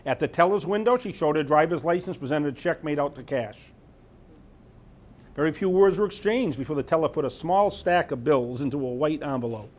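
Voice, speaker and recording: Man with a somewhat high voice giving an informal community talk, reading bits of a news piece aloud and breaking off into loose, rambling asides. He keeps checking in with his listeners and often leaves sentences half-finished. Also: lively intonation, a little fast, darkish tone. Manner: chatty, asks "right?" often, trails off mid-sentence. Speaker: presenter at a scam awareness talk.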